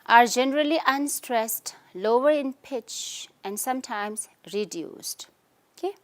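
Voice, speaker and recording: A woman's voice: fairly high pitch, unhurried. Tibetan-accented woman teaching English grammar. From Tibetan community in India. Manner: explanatory, frequent "okay?" and "you can say" checks. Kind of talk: recorded lesson.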